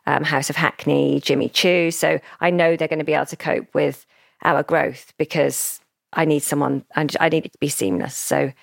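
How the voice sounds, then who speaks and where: A woman, a founder telling her story in a casual interview, animated and emotional, acting out what others said. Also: deep voice, normal speed, creaky, dry recording, studio quality. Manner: animated, emotional storyteller who acts out quoted speech. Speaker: founder of a children's brand, podcast guest.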